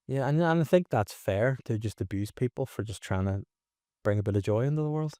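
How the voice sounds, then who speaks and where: A man's voice: medium pitch, expressive, a little fast, mellow, no room sound. A Northern Irish man hosting a comedy podcast, teasing his guest in a dry, casual way. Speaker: podcast host.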